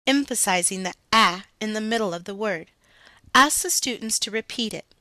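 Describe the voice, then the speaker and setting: A woman reads a scripted phonics lesson in the role of a reading teacher, deliberate and slow, leaning on each sound for the learner. Her mid-range voice sounds pushed and bright, and there is no echo.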